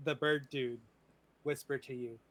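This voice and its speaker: A man's voice: medium pitch, steady tone, a little slow, a bit bright, poor audio. A man narrating a tabletop game as dungeon master in a chatty, loose way over a video call. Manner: chatty, loose, many "like" fillers.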